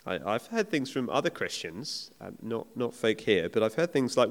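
Male preacher, emphatic and conversational, animated pitch, reverberant church hall. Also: moderate pace, few pauses. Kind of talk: sermon.

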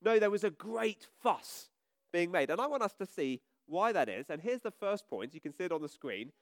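Lively high-voiced preacher talking to children. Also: male voice, normal speed, no room sound, clean studio sound. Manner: animated, addressing children with questions. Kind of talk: all-age sermon. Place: church.

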